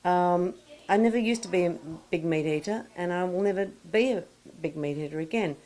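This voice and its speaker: A woman's voice: lowish voice, fairly quick, mellow. A woman with an Australian accent, chatting effusively as a guest interviewed at an evening party, with Aussie slang. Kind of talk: casual interview chat.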